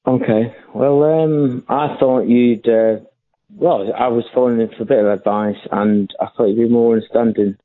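A drunk man calls in over a thin, tinny phone line, rambling and tripping over his own words. His voice sits at an ordinary pitch, and the sound is dry and boxed in. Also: fairly even intonation, no room sound. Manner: rambling, halting, repeating words. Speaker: caller.

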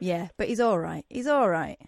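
A woman's voice: on the low side, expressive, moderate pace, creaky, no room sound. Chatty woman hosting late-night radio. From Manchester, England. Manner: chatty, teasing, laughs easily. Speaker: radio phone-in host. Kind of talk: late-night phone-in chat.

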